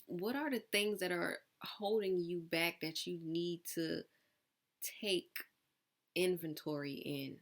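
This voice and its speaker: A woman's voice: fairly low pitch, takes it slowly. A woman giving a collective tarot reading, asking probing questions and breaking off for casual asides. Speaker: tarot reader.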